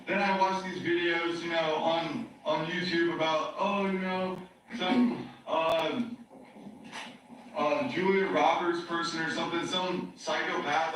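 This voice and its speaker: An agitated man with a fairly high voice rambles on, circling back and stacking fillers as he rants. His recording sounds distant and heavily echoey, played back in a large room. A faint hiss sits underneath. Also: a bit bright. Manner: agitated, ranting, repeats himself with many fillers. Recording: very echoey playback heard from far off.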